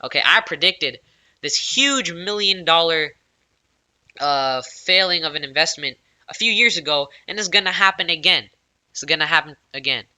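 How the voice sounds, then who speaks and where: A man voicing a cocky, boastful male investor in his own bright voice. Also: on the high side, animated, normal speed. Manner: smug, boastful.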